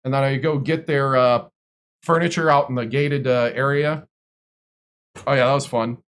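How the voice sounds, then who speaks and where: A man's voice: mid-range voice, fairly even intonation, normal speed, a bit bright, clear, resonant tone. A man from Wisconsin, a streamer, telling long stories in casual chat with lots of fillers and restarts. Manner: rambling, filler-heavy storytelling.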